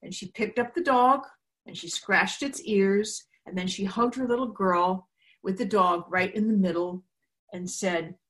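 A woman giving a children's talk in a church service, telling a story slowly and gently with props. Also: medium pitch.

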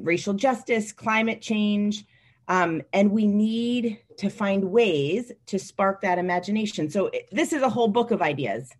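A woman leading a children's message in worship, reading aloud slowly and teaching with a light laugh. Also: mid-range voice.

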